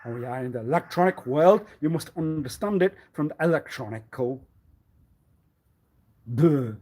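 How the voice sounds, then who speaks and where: A man rambling alone on a livestream in a meandering way, repeating himself and often clearing his throat. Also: fairly high pitch, lively intonation, a little fast, darkish tone. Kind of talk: rambling solo livestream monologue.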